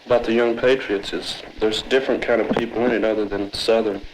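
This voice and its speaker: A man's voice: fairly low pitch, steady tone, a little fast, a little hiss or hum, low-quality recording. A man from a street organization explaining its members and aims earnestly. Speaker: member of the Young Patriots. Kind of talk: group discussion.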